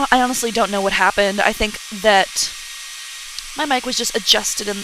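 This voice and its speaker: A woman's voice: mid-range voice, background noise. A girl in her late teens, co-hosting a live stream and chatting casually with viewers. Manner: relaxed, chats with viewers. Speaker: co-host reading chat. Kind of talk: casual chat.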